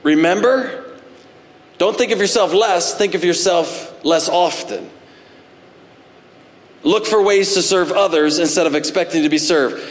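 A man's voice: high voice, a little slow, long pauses, in a large hall, rough recording. A man preaching a sermon to a congregation in a church, speaking conversationally and acting out little everyday scenes. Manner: conversational preaching with acted-out asides. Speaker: pastor.

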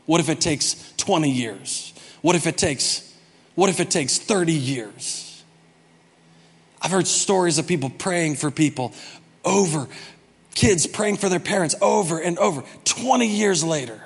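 Animated high-voiced preacher in a reverberant hall. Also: male voice, unhurried, husky. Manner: animated, conversational preaching with acted-out quotes. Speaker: pastor. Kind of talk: sermon.

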